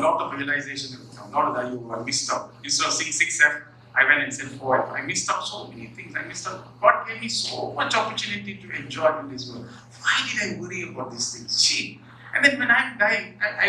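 A man, a professor, giving an animated, humorous motivational talk and acting out little scenes. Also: a little high, slight background noise. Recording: echoey hall, far from the mic.

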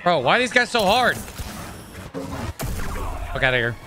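A young man commenting as he plays a video game, swearing and venting in repetitive frustrated outbursts. His voice sits high and swings widely in pitch. Game music plays clearly behind him. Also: big pitch swings, normal speed. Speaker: gaming YouTuber. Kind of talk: let's play commentary.

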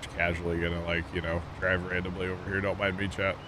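Against a noisy background, a Midwestern gaming streamer talks fast in a low voice with little pitch movement. He chats casually with his viewers while playing, rambling and leaning on fillers.

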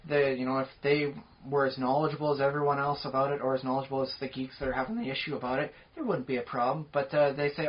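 A man's voice: mid-range voice, fast talker, hardly any pauses. A man co-hosting a podcast in casual chat, talking at length with many fillers. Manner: rambling, talkative, lots of fillers. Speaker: podcast co-host. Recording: dull lo-fi podcast audio.

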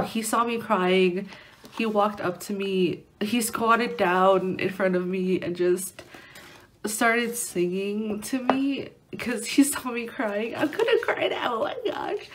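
A young woman vlogger chatting casually while unboxing an album, rambling and giggling, often restarting her sentences, indoors at home near a window. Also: mid-range voice. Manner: rambling and giggly, many restarts and filler words.

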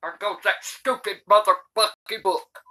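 Cranky foul-mouthed older grandma, slow and sharp. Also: female voice, medium pitch, steady tone. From United States. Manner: cranky, swears constantly, shouts in outrage. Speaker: comedy YouTuber grandmother. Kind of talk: comedic reading aloud.

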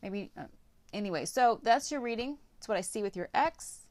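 A woman's voice: medium pitch, expressive, normal speed, darkish tone. Woman doing a chatty tarot reading, lots of likes and ums, kinda blunt. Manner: rambling, full of "like" and "um" fillers; blunt, with casual swearing. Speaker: tarot reader. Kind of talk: casual tarot reading to camera.

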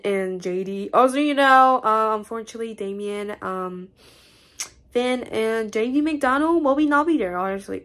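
A young woman chatting excitedly in a casual vlog, rambling with lots of fillers. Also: medium pitch. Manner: excitable, rambling, frequent "so basically". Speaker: vlogger.

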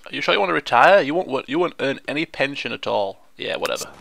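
A man giving chatty, excitable commentary on a video game, often laughing and exclaiming. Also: medium pitch, quick pace, creaky, no echo. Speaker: gaming video host. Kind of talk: let's play commentary.

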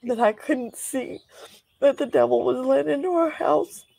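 An older woman in a news interview, tearful and grieving as she speaks softly. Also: sits high, a little slow, gravelly, dry recording. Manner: grieving, soft-spoken. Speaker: interviewed grandparent.

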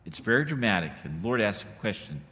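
A middle-aged male pastor gives a sermon in a relaxed, folksy manner. His voice swings widely in pitch as he talks to the congregation. The sound rings with the long reverb of a church sanctuary. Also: fast talker. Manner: folksy, conversational preaching with many asides.

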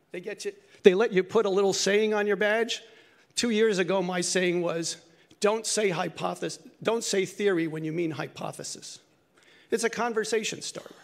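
A man's voice: high voice, vocal fry. An older man giving a short conference talk, speaking in an earnest, reflective way and now and then correcting himself mid-phrase. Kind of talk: lightning talk.

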